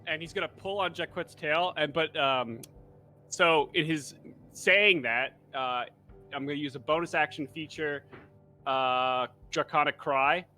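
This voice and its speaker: Bright-voiced man playing a tabletop game. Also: on the high side, soft background music. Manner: halting, with many fillers. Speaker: player.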